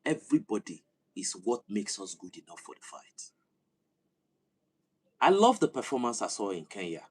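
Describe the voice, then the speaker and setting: A man from Nigeria with a Nigerian accent, giving a passionate political commentary that swells into loud, emphatic oratory. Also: on the low side, very animated, normal speed, husky. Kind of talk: impassioned monologue to camera.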